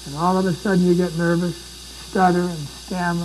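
A man's voice: high-pitched, lively intonation, fairly quick, a little hiss or hum, rough recording. A man preaching a sermon, dramatic and pleading, with repeated rhetorical questions.

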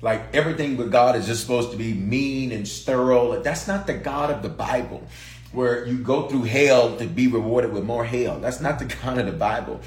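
A man's voice: mid-range voice, moderate pace, a little mellow, reverberant. A pastor preaching a sermon to his congregation and online viewers, repeating phrases for emphasis and calling on listeners to respond.

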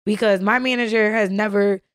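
A woman's voice: mid-range voice, fairly even intonation, normal speed, smooth, no echo, studio quality. A woman recording artist in a casual chat, telling stories about making records in a slangy, easygoing way. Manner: storytelling, slangy, retells exchanges.

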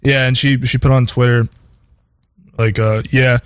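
A man of ordinary pitch hosts a loose podcast conversation. He tells his stories in a chatty, meandering way and laughs at his own punchlines. The sound is dry and close. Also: level tone, unhurried, smooth, no echo. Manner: anecdotal storytelling, chuckling often. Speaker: podcast host. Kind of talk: casual podcast chat.

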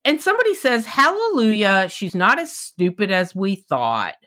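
A woman's voice: mid-range voice, normal speed. A woman co-hosting a casual book podcast, animatedly retelling scenes and acting out the characters' lines, blunt and profane. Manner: animated retelling, acts out quotes, candid and profane.

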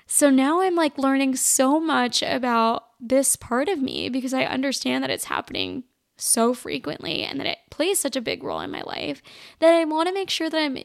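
A young woman with a high voice and a gravelly, fry-heavy edge tells a personal story on her podcast. She talks casually and chattily, leaning on "like" all the time. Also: sing-song, moderate pace. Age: young adult. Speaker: podcast host.

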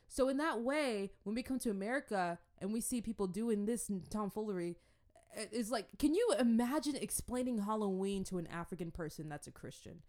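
A young woman from the Congo, chatting to camera in a loose, storytelling way. She is playful and animated, and keeps jumping into little acted-out voices. Her delivery rambles, with plenty of restarts. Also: medium pitch. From Democratic Republic of the Congo. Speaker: vlogger. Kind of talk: casual storytelling commentary.

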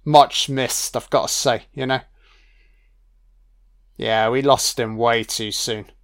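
A man's voice: medium pitch, steady tone, slow, a bit bright. A man giving a casual, profane audio commentary on a film, chatting loosely and laughing often.

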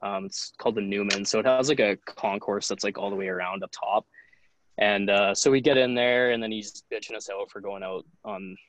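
Speaking fairly quickly in a lowish, steady voice with a fairly bright tone, a young goalie in his twenties recounts a story as a podcast guest. He's loose and profane, leaning heavily on "like," and the audio is poor.

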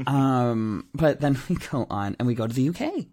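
A man co-hosting a podcast from a remote call, chatting casually and playfully with jumps in pitch. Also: normal speed. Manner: animated, jokey, swings up in pitch. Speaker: podcast co-host. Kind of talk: casual chat.

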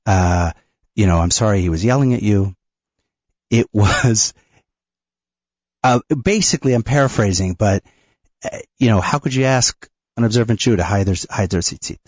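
A man co-hosting a radio talk show, telling a personal story in a halting way, with restarts and nervous laughs. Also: lowish voice, darkish tone, dry recording, lo-fi sound. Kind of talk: conversational storytelling.

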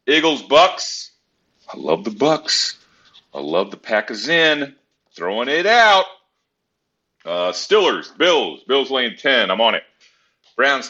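A podcast co-host talks sports casually in a blunt, profane, rambling way. His medium-pitched voice sounds pushed and bright, and the recording is dull and lo-fi.

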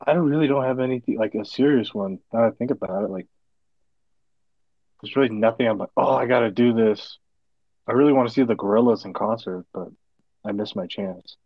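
A man co-hosting a casual podcast, teasing his friends in a lively, expressive way. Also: fairly low pitch, brisk, no room sound, muffled recording. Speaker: podcast co-host. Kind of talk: casual chat.

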